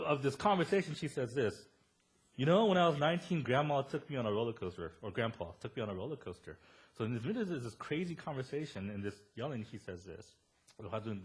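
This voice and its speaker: A man preaching a sermon to a church congregation, talking in a casual, joking way and asking the audience questions. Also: medium pitch. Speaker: pastor. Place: church service before a congregation.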